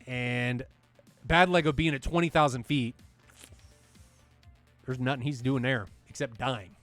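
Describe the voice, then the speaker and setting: A man giving excitable play-by-play commentary on a flight combat match, talking straight to the viewers. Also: mid-range voice, a little slow, faint music behind. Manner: excitable, talks to the viewers directly. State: out of breath at times. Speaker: esports commentator.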